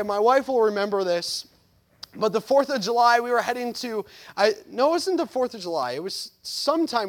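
A man in his thirties preaching a sermon as a pastor, earnest, swinging between loud emphasis and soft reflection. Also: extremely high pitch.

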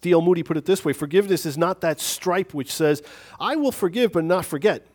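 A preacher with a voice a little above the usual male range, on the high side, delivers a relaxed, talky sermon at a fairly quick pace. He chats with the congregation as if in conversation. Telling a personal story, he pokes fun at himself and chuckles.

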